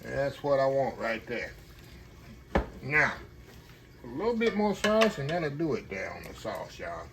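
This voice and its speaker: A man's voice: mid-range voice, sing-song, a little slow, pauses often, noisy background. A man giving a casual cooking demonstration, chatting to his viewers and calling them y'all. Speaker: home cook hosting a cooking channel.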